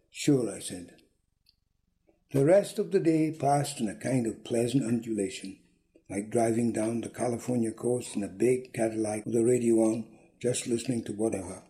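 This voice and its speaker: A man reading a short story aloud in a dry, deadpan manner. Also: medium pitch. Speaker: reader.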